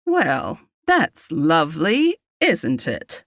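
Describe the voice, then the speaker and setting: A woman voicing a grumbling, dry-witted old woman healer in a storybook romance, speaking slowly and wryly. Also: mid-range voice, big pitch swings, no echo. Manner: slow, wry and grumbling.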